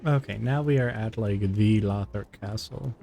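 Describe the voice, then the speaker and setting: A man's voice: on the low side, moderate pace, vocal fry, mellow, soft background music. A tired, yawning man giving playful, chatty gameplay commentary while streaming. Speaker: gaming streamer.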